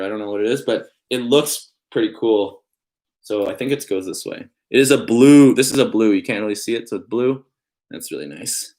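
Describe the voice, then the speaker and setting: Young male vlogger, casual and playful, laughs easily, hams up jokes. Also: medium pitch. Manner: playful, giggly, reads puns in a put-on emphatic voice. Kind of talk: casual vlog chat.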